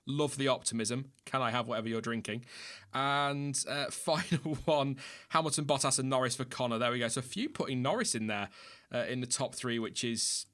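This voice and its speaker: A man's voice: mid-range voice, fairly quick, a bit bright. A man hosting a casual live stream, chatting loosely and reading out viewer comments with small laughs. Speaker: livestream host.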